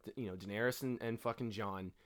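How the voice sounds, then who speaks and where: A young man in a relaxed podcast chat, venting with energy and plenty of swearing. He often drops into little mocking impressions of characters. His pitch moves around a lot as he gets worked up. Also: quick pace. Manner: animated, profane, quotes characters in mocking voices. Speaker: podcast co-host. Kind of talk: casual chat.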